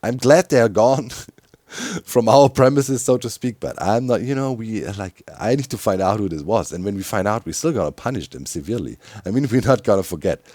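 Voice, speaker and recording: A man's voice: lowish voice, animated, moderate pace, a little mellow, no echo. A middle-aged man with a German accent, tired, giving rambling gaming commentary with frequent chuckles and many fillers. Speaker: gaming YouTuber.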